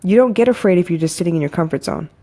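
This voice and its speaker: A woman with a low, mellow and soothing voice talks straight to listeners in a casual motivational monologue. She is candid and repeats herself, then builds to emphatic urging, like a coach hosting her own podcast. She records on a phone. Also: rapid-fire.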